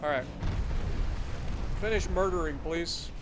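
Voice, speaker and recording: A man giving casual, animated live commentary as he plays a strategy game, ranting now and then in mock outrage. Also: fairly high pitch, unhurried, noisy background. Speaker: gaming streamer.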